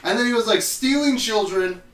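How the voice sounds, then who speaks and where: Brief: high-pitched guy on a podcast, rambling and cursing, in an echoey room a bit off the mic. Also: moderate pace, a bit bright, far from the mic. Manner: rambling, swears often, trails off mid-sentence. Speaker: podcast co-host. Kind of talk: casual chat recapping episodes.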